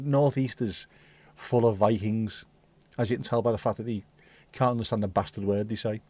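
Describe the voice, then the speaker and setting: Man, livestream host, casual sweary banter with chat, mid pitch, dry close sound. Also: mellow, no echo. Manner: chatty, sweary, banters with viewers. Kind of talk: casual chat reading out live chat.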